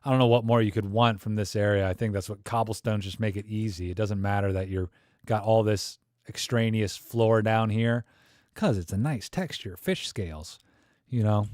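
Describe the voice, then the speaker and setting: Critiquing photos sent in by viewers, a livestream host jokes and rambles casually, thinking aloud with plenty of fillers. He has a fairly low, slightly mellow voice at a moderate pace, recorded dry in a close room.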